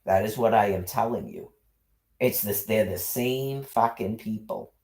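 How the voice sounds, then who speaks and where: A man's voice: lowish voice, measured pace, darkish tone. A man ranting into his livestream in an agitated monologue, cursing heavily and repeating himself as he piles up accusations.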